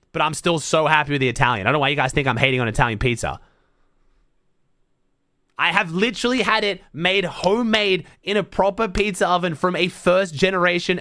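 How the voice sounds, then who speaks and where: Aussie guy streaming, bit higher voice, swears a lot, talks fast. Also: bright, forceful tone, dry recording, studio quality. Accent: Australian. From Australia. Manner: blunt, swears often, thinks aloud. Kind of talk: casual livestream chat to viewers.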